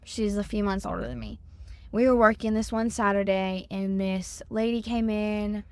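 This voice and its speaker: A woman's voice: mid-range voice, moderate pace, no room sound. A seventeen-year-old woman with a Texan accent, telling a story in a casual chat, full of "like" fillers. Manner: chatty, many "like" fillers, acts out quotes. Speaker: guest, store employee.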